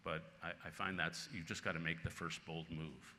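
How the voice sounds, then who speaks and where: In a large, reverberant hall with some faint noise, a columnist in his sixties speaks at normal speed in a deep voice. As the conference's featured speaker, he takes audience questions and answers with lively stories and bursts of laughter.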